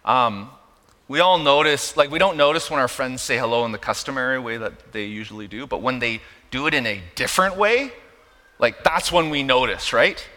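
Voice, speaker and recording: Bright-voiced pastor preaching in a hall. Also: male voice, medium pitch, moderate pace. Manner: conversational, keeps asking "right?". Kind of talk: sermon. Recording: long hall reverb.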